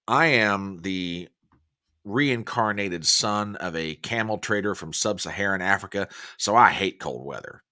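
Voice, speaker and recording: Chatty, animated male livestream host. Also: fairly low pitch. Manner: chatty, joking, greets viewers by name. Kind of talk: casual live-stream chat.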